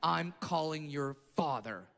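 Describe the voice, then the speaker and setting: A man's voice: fairly high pitch, lively intonation, unhurried, creaky, sharp tone, pitched below the performer's own voice, exaggerated voice. A man voicing a stern, stuffy male school principal who scolds in a formal tone, performed on a stage with crowd noise behind. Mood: scolding. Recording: reverberant theater with crowd noise.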